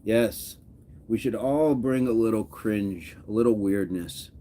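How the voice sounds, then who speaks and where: A man's voice: lowish voice, measured pace, warm tone, a little hiss or hum. A middle-aged man hosting a casual livestream, reading viewer comments in a jokey, easygoing way and chuckling between remarks. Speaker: livestream host.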